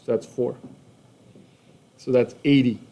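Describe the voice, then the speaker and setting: A man's voice: mid-range voice, steady tone, measured pace, gravelly, dark tone. A man with a Canadian accent teaching a math lesson casually, often checking in with "right?" and "okay?".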